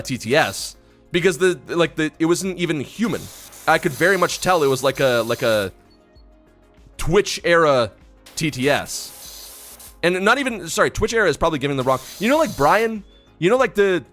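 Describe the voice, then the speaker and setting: A young man streaming live, telling stories in a casual, profane, ranting way. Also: fairly high pitch. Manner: profane, ranting, animated storytelling.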